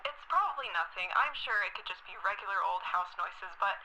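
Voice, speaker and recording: Hesitant game caller, apologetic, lively, very bright, faint noise. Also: female voice, medium pitch, fairly quick, rough recording. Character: nervous, hesitant woman caller.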